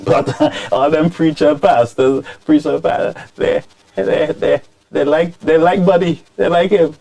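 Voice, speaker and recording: A man hosting political commentary, scolding and animated, dropping into Creole phrases. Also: a little high, unhurried, vocal fry. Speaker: commentary show host.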